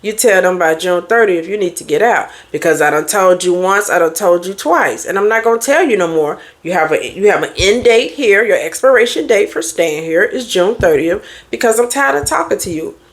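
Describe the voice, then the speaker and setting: A middle-aged woman life coach talks casually, her pitch swinging widely as she lays down blunt advice. She sounds preachy and direct, sometimes mimicking other people's words to make a point. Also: lively intonation, normal speed, hardly any pauses. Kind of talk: casual motivational talk.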